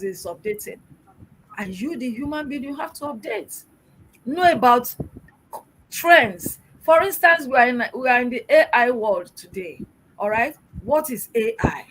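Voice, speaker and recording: Emphatic, fairly high-voiced woman exhorting. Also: fairly bright tone, a little hiss or hum, low-quality recording. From Nigeria. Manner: emphatic, exhorting, with rhetorical questions. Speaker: guest, public relations expert. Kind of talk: interview answers, motivational.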